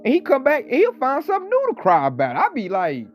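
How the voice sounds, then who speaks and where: A man delivering a casual ranting monologue, talking with animated, mocking energy and mimicking coworkers. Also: very high voice, quick pace. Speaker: online commentator. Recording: slightly dull audio, faint background music.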